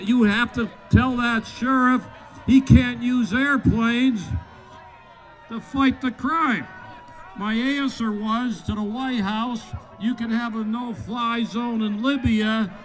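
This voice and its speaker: Sheriff guy from massachusetts at an outdoor rally, slow and blunt, cracks jokes, shouts sometimes, loud crowd behind. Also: very high voice. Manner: blunt, joking, bursts of shouting. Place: outdoors at a state capitol lawn.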